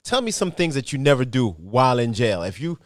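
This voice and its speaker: A man's voice: mid-range voice, big pitch swings, a little fast, no room sound, clean studio sound. Curious man hosting a podcast interview. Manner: curious, reacts with frequent wows. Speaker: podcast host.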